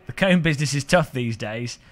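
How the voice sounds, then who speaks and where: A man streaming a racing game live, joking with chat and commentating excitedly. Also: mid-range voice, fairly quick. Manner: excitable, jokey banter with chat. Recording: game engine noise behind voice.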